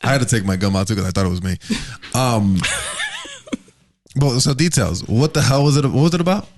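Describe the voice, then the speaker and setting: Lively, joking male podcast host. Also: medium pitch, moderate pace, soft background music. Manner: loose, joking and profane. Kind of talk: casual podcast chat.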